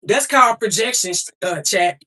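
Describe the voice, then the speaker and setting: Defiant woman streamer, bright off-mic voice. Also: medium pitch, expressive, moderate pace, recorded from a distance. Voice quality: profane, defiant. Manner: emphatic, preachy and confrontational. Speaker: livestreamer. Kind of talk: livestream talk to chat.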